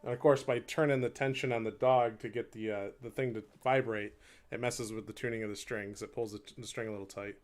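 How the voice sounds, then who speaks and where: A man with a fairly low, fairly even voice talks quite quickly while live-streaming his instrument practice, with soft music and a faint hurdy-gurdy drone behind him. He chats casually and rambles with viewers, laughing often at himself. As he plays, he counts the beats aloud.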